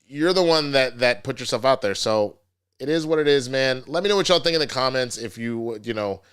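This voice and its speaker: A man's voice: medium pitch, animated, a little fast, fairly bright tone, clean tone. A man hosting a casual commentary vlog, ranting in a profane, rambling, slangy way. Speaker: host.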